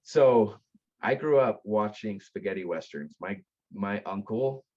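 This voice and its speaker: A man, founder of an aftercare company, telling stories in an earnest, animated way with frequent restarts. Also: lowish voice, a little slow, lo-fi sound. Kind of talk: conversational storytelling.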